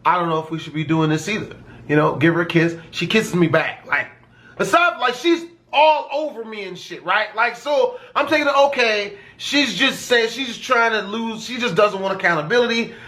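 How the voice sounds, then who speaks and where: A young man telling a crude story from his own life in a casual, rambling way, animated and full of swearing, sometimes breaking into excited shouts. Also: sits high, normal speed.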